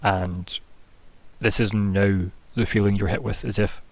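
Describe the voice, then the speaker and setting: Acting as game master, a man narrates a tabletop game in a loose, rambling, casual style full of fillers like "kinda" and "like." His voice is fairly low and steady, a little slow, with vocal fry and no room sound.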